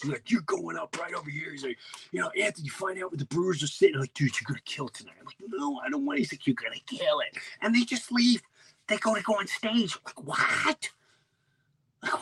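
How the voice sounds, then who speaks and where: A middle-aged man, hosting a podcast and telling an animated story, acting out quotes and dropping to hushed asides. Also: on the high side, slight background noise. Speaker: podcast host.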